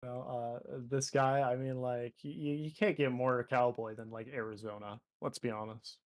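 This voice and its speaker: A man's voice: mid-range voice, level tone, moderate pace. A young man with a Canadian accent talks loosely over a desk microphone on a live stream. He rambles, leans on fillers, and cracks jokes while he draws. His voice sits in a plain, middle register. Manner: rambling, joking, heavy fillers. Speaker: artist and streamer. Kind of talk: casual chat while drawing.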